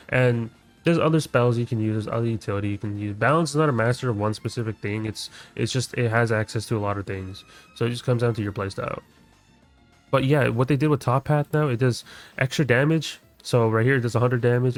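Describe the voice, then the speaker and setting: A man's voice: medium pitch, darkish tone. A man giving casual gaming commentary as a YouTuber, loose and slangy with lots of fillers.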